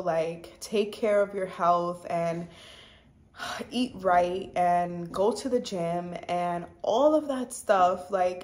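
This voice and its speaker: Chatty woman in her twenties vlogging. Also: on the low side. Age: 20s. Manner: chatty, says "like" a lot, sidetracks; warm and confiding, fast talking. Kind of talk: casual chat to camera.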